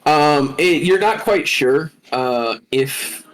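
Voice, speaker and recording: A man running a tabletop game as dungeon master, narrating slowly with many fillers. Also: fairly high pitch, expressive. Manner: slow, searching narration with fillers.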